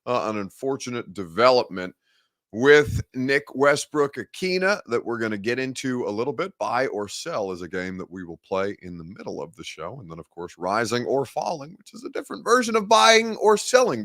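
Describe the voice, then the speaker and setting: A man's voice: mid-range voice, fairly bright tone, no room sound. Male host for a live sports stream, chatty and wry, mid-range voice, dry studio mic. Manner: conversational, chatty, reads live comments aloud with wry humor.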